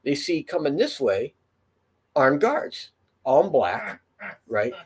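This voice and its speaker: A man with a husky, slightly breathy voice tells a long story in relaxed podcast talk. He rambles, restarts his sentences and swears freely. His voice sits at an ordinary middle pitch. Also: slow. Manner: rambling, profane, lots of fillers and restarts. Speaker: podcast host. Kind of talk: casual storytelling.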